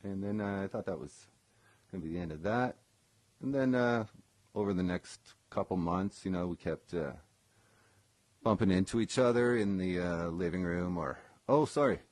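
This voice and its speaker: A man with a very low voice tells a personal story in a loose, casual way. He rambles, fills pauses with ums, and corrects himself as he goes. The sound is dry and close. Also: a little mellow, no room sound. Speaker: former session guitarist telling a personal story. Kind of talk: casual live-streamed storytelling.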